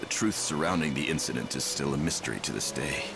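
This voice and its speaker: An actor playing an older man in a video game who recovers painful memories of his lost family, deep and gravelly. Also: fast talker, background noise. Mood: grieving. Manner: cheerful at first, then sorrowful and resolute. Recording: game audio over clear music.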